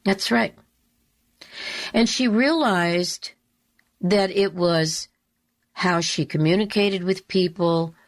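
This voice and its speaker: A middle-aged woman hosts a radio talk show in a fairly low voice, and she tells a story at an unhurried, measured pace. She is emphatic and deliberate, and she comes back to her key phrases again and again. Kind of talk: storytelling monologue.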